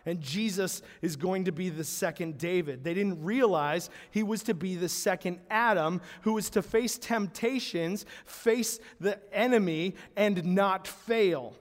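A man preaching a sermon in an animated storytelling way, acting out the biblical characters' lines as he goes. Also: high voice, a little slow, hardly any pauses, long reverb tail. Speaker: pastor.

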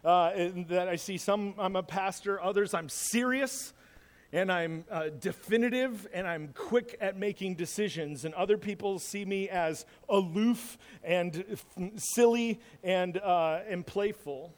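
This pastor's voice sits high and moves a little slowly as he gives a casual, meandering sermon. He shares stories about himself, jokes at his own expense and frequently starts over; the hall adds long reverb.

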